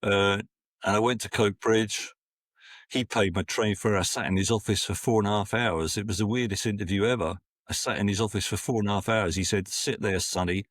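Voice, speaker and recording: As a podcast guest, a Scotsman in his sixties shares casual, rambling stories, full of restarts and acted-out lines. His lowish voice keeps a fairly even intonation and a fairly quick pace, and the recording is dry and studio quality.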